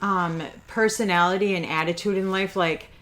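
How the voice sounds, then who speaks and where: A woman's voice: mid-range voice, fairly even intonation, normal speed, a bit bright. A middle-aged woman co-hosting a podcast with her daughter, tossing in dry, teasing remarks in casual chat. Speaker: podcast co-host, the mother.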